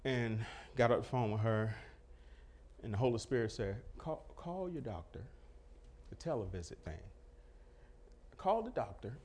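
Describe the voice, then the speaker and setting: A man's voice: medium pitch, lively intonation, a little slow, pauses often, darkish tone. A middle-aged man preaching a testimony sermon, acting out the dialogue and breaking into laughter as he tells it. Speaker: pastor.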